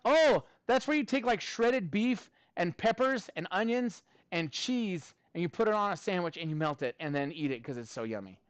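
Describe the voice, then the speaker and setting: A man's voice: high-pitched, expressive, normal speed, few pauses, no room sound. A man teaching a math class, upbeat and chatty, tossing jokey asides to his students between explanations.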